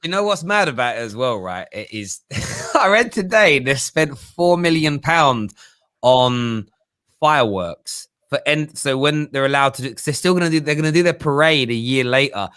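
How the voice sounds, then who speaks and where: A man hosting a casual football chat, joking and telling stories in an animated way. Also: medium pitch, normal speed, clear, resonant tone, no echo, clean studio sound. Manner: animated, jokey storytelling. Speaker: host.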